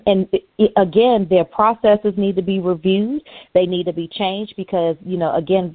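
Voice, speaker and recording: A woman's voice: medium pitch, no echo. A woman co-hosting a podcast, speaking earnestly and emphatically in casual chat. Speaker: podcast co-host. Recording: dry, thin phone-like sound.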